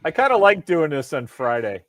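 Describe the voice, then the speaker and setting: A man's voice: fairly high pitch, big pitch swings, a little fast, fairly bright tone, no echo, studio quality. A middle-aged man hosting a live podcast over a video call, chatting casually and rambling with lots of jokes and restarts. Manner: rambling, self-interrupting, joking. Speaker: podcast host. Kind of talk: casual live-stream chat.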